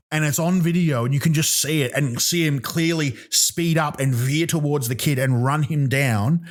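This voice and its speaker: A man hosting a comedy podcast, delivering a profane, rambling solo rant with many ums and restarts. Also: on the high side. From Australia.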